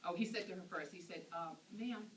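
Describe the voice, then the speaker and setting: A woman's voice: on the low side, quick pace, crowd noise. A woman delivering a funeral eulogy, telling stories in a conversational way. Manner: anecdotal storytelling, conversational. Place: funeral service hall. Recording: echoey room, far from mic, noisy.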